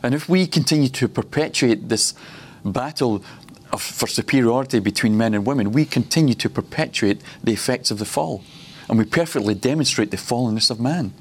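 A man's voice: medium pitch, brisk, hardly any pauses, breathy edge. A man preaching at a ministry school, personal and reflective, often laughing between points.

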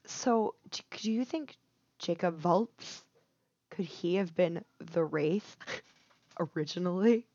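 A woman co-hosting a podcast in casual chat, playful and quick to react. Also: lowish voice, warm tone, no room sound. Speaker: podcast co-host. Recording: dry, dull-sounding mic.

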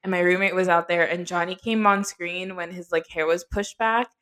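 A woman's voice: on the low side, steady tone, moderate pace, a bit bright. A woman co-hosting a podcast in casual chat, joking and poking fun at herself. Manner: self-mocking, joking banter. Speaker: podcast co-host.

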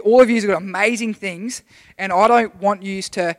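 A man's voice: high-pitched, normal speed. A young man giving a casual, rambling sermon, full of restarts, to a church group. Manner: chatty, rambling, with many restarts. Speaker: youth preacher. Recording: long hall reverb.

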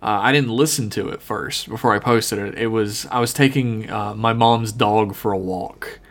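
A man's voice: lowish voice, moderate pace. A man with a Philadelphia accent, co-hosting a podcast in casual, dry, sarcastic chat. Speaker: podcast co-host.

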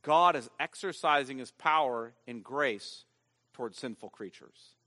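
A man preaching a sermon as pastor, emphatic, swinging from loud stressed lines to hushed ones. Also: medium pitch, measured pace, long reverb tail.

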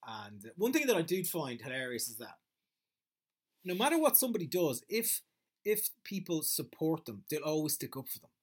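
A man's voice: on the high side, sing-song, moderate pace, breathy edge. A man talking through a casual monologue as a podcast host, rambling and swearing freely, with plenty of fillers and restarts.

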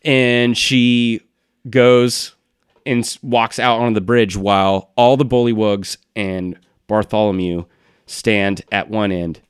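Man, game master, low-pitched, dry sound, relaxed narration with fillers. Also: takes it slowly, smooth, no room sound. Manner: casual, laughing, many fillers.

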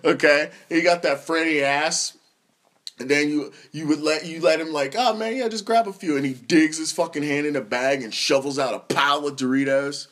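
A young man tells comedic stories on his podcast, swearing freely and laughing as he talks. His voice sits a little high for a man. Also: normal speed. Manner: profane, animated, laughs through his stories. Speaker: podcast host. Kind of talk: comedic storytelling monologue.

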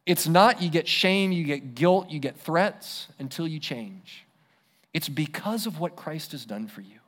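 A man's voice: on the high side, expressive, unhurried, fairly bright tone. A man preaching a sermon as pastor, conversational and emphatic. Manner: conversational, emphatic, self-deprecating.

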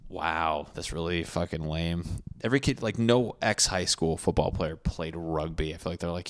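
A man's voice: low-pitched, moderate pace, no room sound. A young man telling a crude college story in a casual, rambling way, swearing often with fillers and restarts.

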